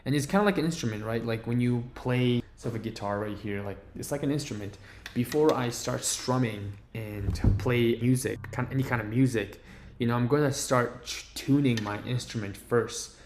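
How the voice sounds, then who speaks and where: A man's voice: medium pitch, normal speed, a little mellow, a little hiss or hum. A man giving a casual video lesson on improving the voice, talking loosely with many fillers and restarts from a room at home. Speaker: voice coach. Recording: roomy echo.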